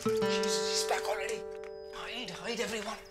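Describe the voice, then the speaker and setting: A nervous young college student, played by a man in a film thriller, pushing hard with questions. His voice sits a little high, and music plays loudly under it. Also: steady tone, normal speed, close to an everyday voice. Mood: tense. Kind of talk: film acting.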